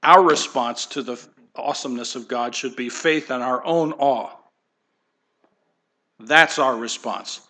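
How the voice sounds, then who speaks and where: Bright-voiced man preaching with emphasis. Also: medium pitch, a little slow, long pauses. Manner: emphatic preaching, rhetorical questions. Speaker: pastor. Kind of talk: sermon.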